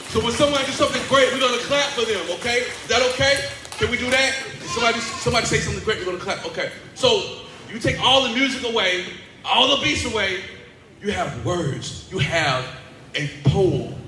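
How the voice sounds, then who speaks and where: A man speaking as a motivational speaker and teaching artist at a school assembly, playful and animated, getting the children to call back to him. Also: very high-pitched, a little fast. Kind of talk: energetic school assembly talk with call-and-response. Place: large indoor school hall. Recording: echoey hall with faint background noise.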